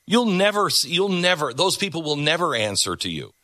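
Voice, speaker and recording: A man's voice: on the high side, very animated, fairly quick, pushed and bright, no room sound, studio quality. A middle-aged man hosting a talk show, giving emphatic opinion commentary and repeating words for stress.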